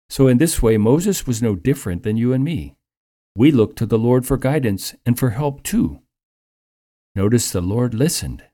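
A man preaching a sermon in an earnest, measured way, lifting his voice for emphasis. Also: lowish voice, mellow.

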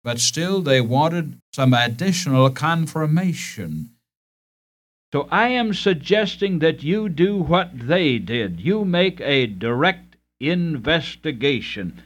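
Slow, earnest male preacher. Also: a little high, animated. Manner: earnest, emphatic, addresses listeners directly; deliberate, repeats key phrases. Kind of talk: sermon.

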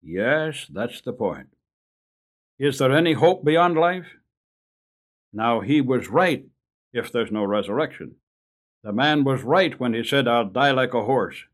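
Older male preacher, earnest and measured. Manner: earnest preaching, slows for emphasis, drops low and soft at line ends. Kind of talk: radio sermon.

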